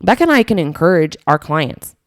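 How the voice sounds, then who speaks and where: A woman's voice: sits low, sing-song, brisk, dry recording, clean studio sound. A woman health coach co-hosting a podcast, talking in an earnest, emphatic way. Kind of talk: casual podcast chat.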